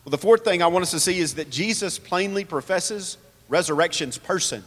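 A man's voice: high-pitched, animated, a little fast, fairly bright tone, in a large hall. A man preaching a sermon, earnest, asking rhetorical questions and reading scripture aloud. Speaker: pastor.

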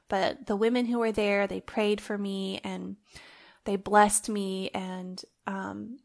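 A woman's voice: mid-range voice, vocal fry. A woman hosting a faith-based podcast, talking in an earnest, heartfelt, conversational way and recording at home on her phone. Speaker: podcast host.

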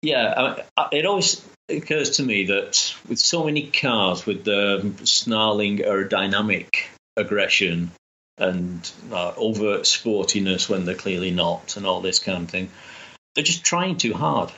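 A man's voice: lowish voice, measured pace, pushed and bright, dull audio. A man chatting enthusiastically as a guest, rambling with restarts. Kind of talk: casual chat.

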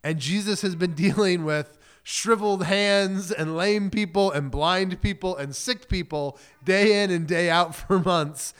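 A man's voice: sits high, a little slow, hardly any pauses, a bit bright, clean tone. A man pastor giving a sermon in a casual, joking storyteller manner. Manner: casual, joking storyteller who acts out quotes.

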